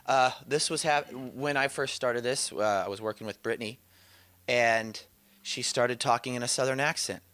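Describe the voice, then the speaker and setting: A man leading a teaching session, his voice bright and forceful. He tells anecdotes eagerly and laughs often. His delivery is loose and conversational. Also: medium pitch, moderate pace, clean tone. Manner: enthusiastic storytelling, laughs often.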